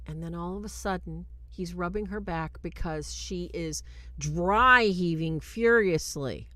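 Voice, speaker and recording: Low-voiced woman hosting a film review. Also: unhurried, dry recording. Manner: animated retelling, thanks viewers warmly. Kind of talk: livestream commentary.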